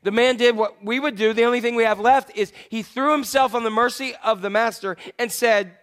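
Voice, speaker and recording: A male pastor preaching a sermon in a conversational way, asking his congregation questions and moving between loud emphasis and quiet, hushed lines. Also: very high-pitched, fairly even intonation, a little fast.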